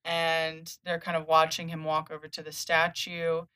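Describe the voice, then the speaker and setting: A woman's voice: deep voice, moderate pace, clean tone. A woman casually recapping a comic story on a podcast, acting out the characters' lines with laughs. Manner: animated retelling, acts out characters' lines with laughs. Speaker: podcast host.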